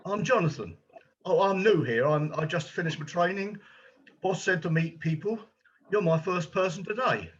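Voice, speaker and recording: A man's voice: high-pitched, normal speed, lo-fi sound, a little hiss or hum, lightly acted. A man playing an anxious, kind-hearted volunteer gallery guide who hesitates and stumbles over his words, in an amateur stage drama. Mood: eager.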